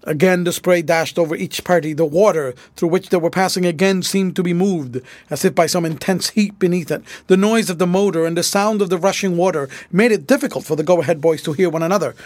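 A man reading a children's adventure story aloud as an audiobook narrator, with an expressive delivery. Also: high-pitched, a little fast, few pauses, no echo.

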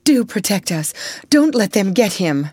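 A frantic young runaway mother pleads in a high, breathless voice, as a woman storyteller puts her on. Her voice leaps up and down in pitch, and the sound is close and dry. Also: expressive, unhurried, darkish tone, dry recording. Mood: pleading.

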